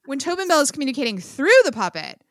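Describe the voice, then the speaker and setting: High-pitched woman chatting on a podcast, animated, swears a lot, laughs a lot, dry close sound. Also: quick pace, dry recording. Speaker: podcast co-host. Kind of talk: casual chat.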